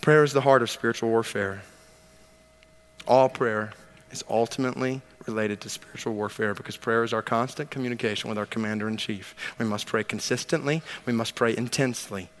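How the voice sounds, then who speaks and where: A man's voice: medium pitch, fairly even intonation, brisk. A man preaching a sermon, driving his points home with emphatic rhetorical questions and repeated commands. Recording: long hall reverb.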